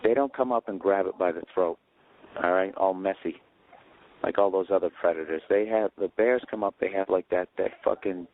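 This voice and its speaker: Profane grumbling man on a tinny line. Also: fairly low pitch. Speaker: comedian podcast host. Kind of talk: rambling comedic rant. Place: airport waiting area. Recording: tinny phone-like recording.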